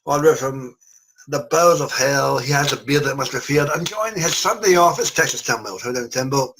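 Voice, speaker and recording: A man's voice: medium pitch, fairly quick, noisy background. A man hosting a casual podcast chat, introducing guests with jokes and lots of filler words. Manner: jokey, rambling with fillers. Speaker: podcast host.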